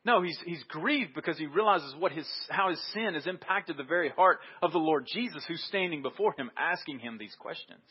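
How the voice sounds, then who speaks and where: A man delivers a sermon with emphasis, hammering home his points by repeating them. His voice sits a little high and sounds husky. The recording is dull and lo-fi. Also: lively intonation, fairly quick, few pauses. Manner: emphatic, repeats key phrases. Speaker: preacher.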